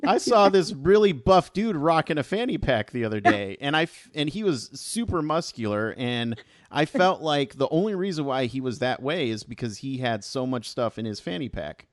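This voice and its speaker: A man's voice: medium pitch, big pitch swings, normal speed, no room sound, clean studio sound. A man of Mexican heritage hosting a podcast, chatting in a playful, self-deprecating way. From Mexican-American upbringing. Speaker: podcast host. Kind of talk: casual chat.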